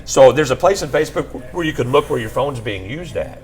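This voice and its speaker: A man's voice: medium pitch, lively intonation, a little fast, a little mellow, rough recording. A man hosting a livestream from a bar, telling a story in a rambling way and circling back to restart his sentences. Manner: rambling, restarts with "what had happened was". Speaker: podcast host telling a story. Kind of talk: casual storytelling.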